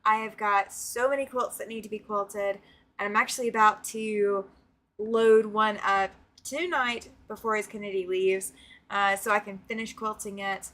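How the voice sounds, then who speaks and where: A woman's voice: medium pitch, fairly even intonation, moderate pace, bright, forceful tone. A woman from the Southern US with a Southern accent, hosting a casual quilting livestream, chatting and laughing as she reads viewer comments aloud. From Southern United States. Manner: chatty, laughs often, talks straight to viewers. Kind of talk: casual live-stream chat, reading viewer comments.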